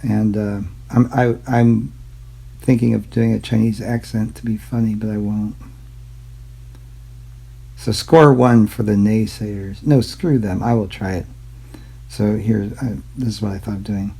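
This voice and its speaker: A man hosting his own channel in a rambling, irreverent way, swearing casually and mocking himself. His voice is gravelly and dark, with a husky, unclear edge. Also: on the low side, fairly even intonation, a little slow, long pauses, rough recording. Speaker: YouTube channel host. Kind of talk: casual rambling commentary on old maps.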